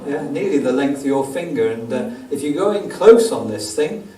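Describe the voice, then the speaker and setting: A man's voice: a little high, lively intonation, moderate pace, mellow. A man giving a rambling, self-deprecating slide talk about moths to a club audience, with many ums along the way. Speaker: guest speaker, wildlife photographer. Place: theatre auditorium. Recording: echoey hall from far off, faint hiss.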